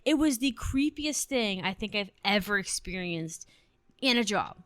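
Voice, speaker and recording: A woman's voice: medium pitch, animated, unhurried, fairly bright tone, no echo. A woman in her twenties chatting casually over gameplay, telling rambling anecdotes. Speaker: gaming channel host.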